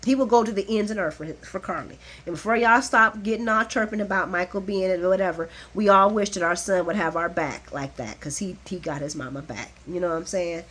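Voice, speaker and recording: A woman giving a casual, animated recap of a soap opera, chatty and blunt, laughing often and swearing freely. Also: on the low side, brisk, hardly any pauses, breathy edge.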